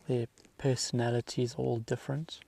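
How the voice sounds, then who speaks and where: A man working as a safari guide, calmly explaining animal behavior during a live broadcast. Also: mid-range voice, creaky. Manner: calm and measured, explains patiently.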